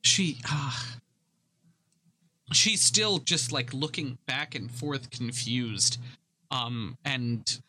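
A man running a tabletop game as game master, describing a character's actions in a relaxed way with many fillers. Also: mid-range voice, extremely slow, pauses often, husky, low-quality recording.

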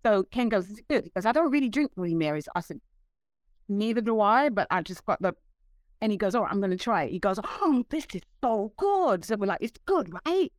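A woman in her sixties, a guest telling stories in a casual interview, animated and laughing, acting out what others said. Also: medium pitch, fast, no room sound. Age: 60s. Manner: animated, laughing, acts out quoted voices.

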